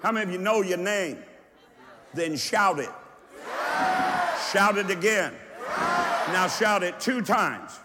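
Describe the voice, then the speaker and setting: A man preaching a sermon with drawn-out emphasis, swinging from hushed lines to shouts. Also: high-pitched, expressive, crowd noise, noisy background. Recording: long echo from a large hall.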